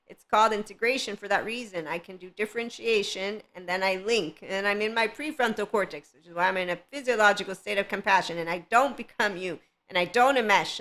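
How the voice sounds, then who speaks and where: Female podcast host, bright tone, mid-range pitch, rambling spiritual monologue with frequent laughs and sarcastic asides.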